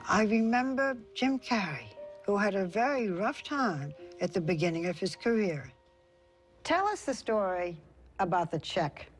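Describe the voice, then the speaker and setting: Gently probing female TV interviewer. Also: mid-range voice, expressive, a little slow, soft background music. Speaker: TV interviewer and host. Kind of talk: interview questions and narration.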